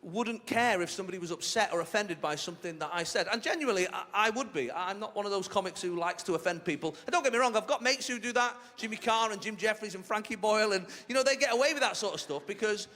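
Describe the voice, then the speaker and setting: A male stand-up comedian doing a set with a cheeky, animated delivery, slipping into silly character voices. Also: sits high, fast talker, few pauses, big-room sound. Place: large theatre stage. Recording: live theatre recording with audience laughter.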